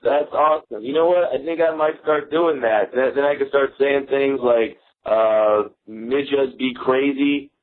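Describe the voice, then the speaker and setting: A man's voice: medium pitch, normal speed, hardly any pauses. A man being interviewed as a guest comedian, telling jokey stories and laughing at them. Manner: joking, laughs at his own stories. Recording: tinny phone-like radio audio.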